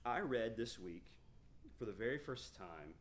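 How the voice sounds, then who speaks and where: A man's voice: fairly low pitch, lively intonation, unhurried, a little hiss or hum. A man in his thirties preaching a verse-by-verse sermon, reading scripture aloud and explaining it conversationally with frequent restarts. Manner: reads scripture aloud with emphasis. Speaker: pastor. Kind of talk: expository sermon.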